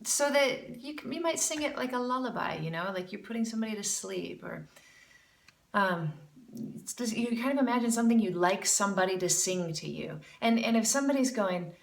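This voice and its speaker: A jazz singing teacher critiques a lesson in a mid-range, expressive voice with vocal fry, talking fairly quickly. Chatty and encouraging, she breaks into scat syllables to demonstrate, heard in a roomy space a bit far from the mic with music playing.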